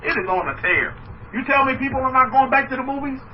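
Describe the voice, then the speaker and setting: High-pitched guy giving a lively sermon, sounds far from the mic, kinda muffled. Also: fast talker. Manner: animated preaching with mock voices and asides. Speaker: rabbi. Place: room with listeners. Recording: muffled distant mic with faint noise.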